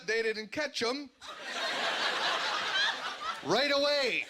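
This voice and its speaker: Canadian male stand-up, rambling and animated, voice a touch high. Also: a little fast, very noisy. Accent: Canadian English. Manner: rambling, animated storytelling with frequent filler ums and outbursts. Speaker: stand-up comedian. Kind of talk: stand-up comedy set. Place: comedy club stage.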